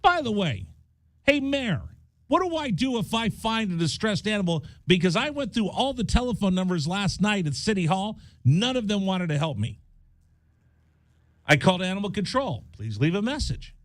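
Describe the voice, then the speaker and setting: A man's voice: high-pitched, normal speed, no room sound, studio quality. A man hosting a radio show, chatting casually and acting out the people in his story. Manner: animated, acts out voices in his story. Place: radio studio.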